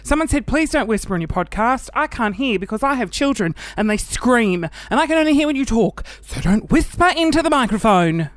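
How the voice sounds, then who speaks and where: A man hosting a casual solo podcast, out of breath after the gym, animated and self-mocking, sometimes dropping into a whisper. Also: extremely high pitch, brisk, few pauses, no echo. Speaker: podcast host.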